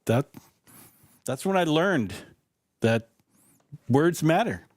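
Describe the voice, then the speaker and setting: A man's voice: on the high side, expressive, slow pace, dry recording, studio quality. An older man co-hosting a podcast, telling stories in a rambling way with laughs. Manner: rambling, laughing, self-correcting. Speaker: co-host. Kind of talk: casual storytelling.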